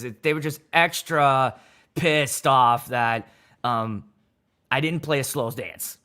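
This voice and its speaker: Slow yet pushed and bright, the mid-range voice belongs to a wedding DJ from around Pittsburgh running a casual livestream. He's loose and energetic, welcoming viewers and swearing freely.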